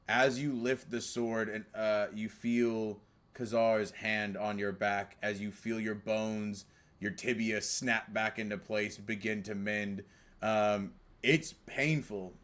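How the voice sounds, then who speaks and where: A man narrating as game master of a tabletop role-playing game, slow and descriptive, with casual asides. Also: fairly low pitch.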